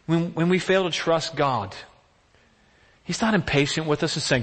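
A man gives a sermon in a church sanctuary, speaking in a fairly high voice. He keeps it conversational and asks his listeners many rhetorical questions. A long reverb hangs on his words. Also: normal speed, a bit bright. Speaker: pastor.

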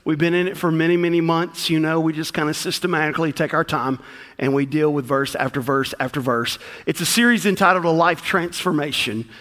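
A man's voice: on the high side, brisk, a bit bright, big-room sound. A man with a Southern accent preaching a sermon to his church, folksy and joking as he teaches. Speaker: pastor. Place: church sanctuary.

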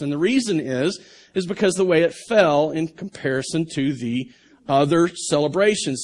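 A man with a fairly high voice preaches from a church stage. He reads a scripture passage aloud and then talks it through plainly, repeating himself and restarting phrases as he goes. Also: a little mellow. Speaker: pastor. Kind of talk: sermon. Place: church stage under bright lights.

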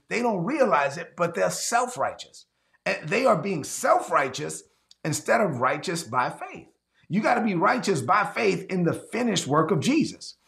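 A man preaching a conversational sermon to an online audience, energetic and repeating himself as he acts out quotes from others. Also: high voice, gravelly. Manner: repeats words and restarts often. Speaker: pastor. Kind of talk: livestreamed sermon.

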